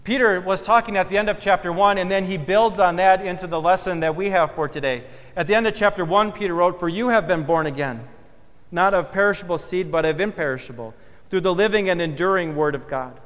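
Male pastor, fairly high voice, dramatic sermon delivery, long church reverb. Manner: emphatic, swells loud then drops soft and slow. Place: church sanctuary.

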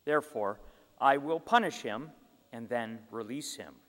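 A man's voice: medium pitch, a little slow, a bit bright, lightly acted. A man reading the lines of a troubled male Roman governor, pleading and questioning insistently. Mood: reasoning. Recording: long hall reverb.

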